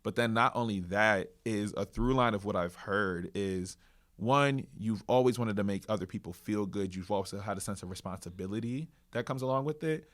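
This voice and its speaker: Man podcast host, lowish voice, thoughtful, affirming. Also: normal speed, a bit bright. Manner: reflective, affirming, sums up the guest's story. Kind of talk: casual interview.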